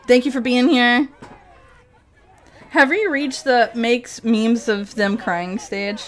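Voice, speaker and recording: A woman streamer with a fairly high voice, talking unhurriedly in loose, rambling live-stream commentary. She swears freely and breaks into laughter between her thoughts. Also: slow pace, pauses often. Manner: laughs often, profane, rambling.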